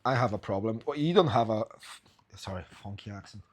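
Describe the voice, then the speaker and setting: A man's voice: on the low side, expressive, fairly quick. A man hosting a podcast, telling swearing, laughing anecdotes in casual chat. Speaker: podcast host.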